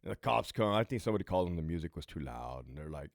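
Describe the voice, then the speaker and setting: A Southern California man in his late thirties, a channel host and former prison guard, casually tells rambling, profane stories from his own life. His low, gravelly voice is expressive and rapid-fire, recorded at studio quality with no room sound.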